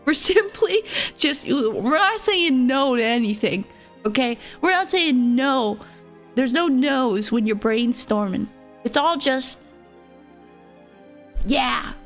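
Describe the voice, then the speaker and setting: A woman's voice: sits high, lively intonation, slow, pauses often, a bit bright, faint music behind. A woman livestreamer chatting casually with viewers in a giggly, playful and teasing way.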